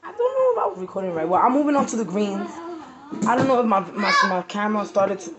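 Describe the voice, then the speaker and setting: A woman's voice: mid-range voice, big pitch swings, quick pace, lo-fi sound. A woman and mother filming a casual cooking vlog in her hot home kitchen, chatty and flustered, talking straight to her viewers. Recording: loud background noise from kids. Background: noisy children.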